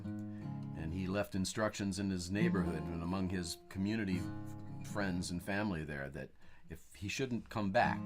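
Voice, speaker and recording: A man introducing a song with careful, explanatory storytelling before he plays. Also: deep voice. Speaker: guest musician.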